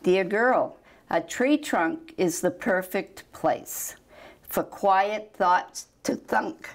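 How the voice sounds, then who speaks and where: Slow, tender older woman reading. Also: mid-range voice. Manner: slow, tender, repeated address to a child. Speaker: storytime reader. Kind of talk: reading a children's book aloud.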